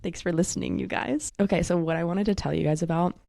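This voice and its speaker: A woman's voice: lowish voice, fairly even intonation, fast talker, vocal fry, mellow, no echo, studio quality. A young woman in her twenties hosting a casual podcast, chatting and gossiping as she quotes herself. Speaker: podcast host. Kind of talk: casual chat.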